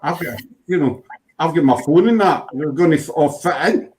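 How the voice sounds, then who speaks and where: A man's voice: a little high, lively intonation, moderate pace, darkish tone, slight background noise, low-quality recording. A man chatting casually as host, rambling through stories and saying "you know" a lot. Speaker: podcast host. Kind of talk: casual chat.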